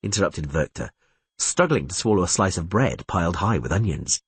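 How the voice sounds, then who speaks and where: Expressive, husky male audiobook narrator. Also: low voice, moderate pace, no echo. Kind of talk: scripted narration.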